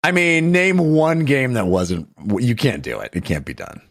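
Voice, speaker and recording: A man's voice: mid-range voice, wildly swooping pitch, vocal fry, a bit bright. A man co-hosting a casual podcast chat, joking and drawing out dramatic announcements. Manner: playful, drawn-out dramatic announcements. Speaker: podcast co-host.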